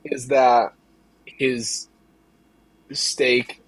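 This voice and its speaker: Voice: mid-range voice, little pitch movement, extremely slow, slightly rough, no room sound, poor audio. A co-host on a community radio show, making dry, wry remarks in casual chat.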